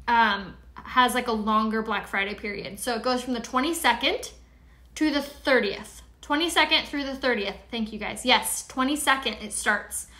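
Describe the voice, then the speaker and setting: Brief: chatty woman from San Diego, slightly high, bright voice, hosting a casual live makeup tutorial with rambling asides. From San Diego, California. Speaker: beauty product seller and live-streamer.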